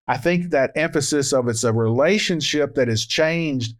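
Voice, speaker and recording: A man co-hosting a Bible study, explaining Greek word meanings in a measured way. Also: on the high side. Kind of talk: verse-by-verse Bible study discussion.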